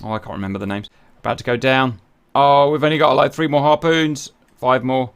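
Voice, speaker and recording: A man commentating a simulated naval battle to his viewers, animated and jokey, swearing as things go wrong. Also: medium pitch, fairly quick, clear, resonant tone. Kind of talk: excitable game commentary.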